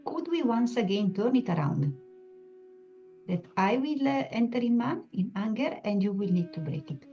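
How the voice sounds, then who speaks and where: A woman's voice: a little high, lively intonation, moderate pace. A woman voicing a proud young divine cowherd in a devotional story. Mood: coaxing. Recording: dull lo-fi sound, soft music behind.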